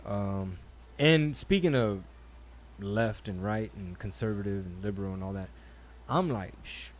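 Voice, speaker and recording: A man hosting a laid-back podcast conversation. He tells stories with animated energy, slipping into voices when he quotes people. His talk is loose and full of swearing. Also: on the low side, measured pace, a little hiss or hum. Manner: animated storyteller, acts out quotes, swears freely. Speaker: podcast host. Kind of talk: casual chat.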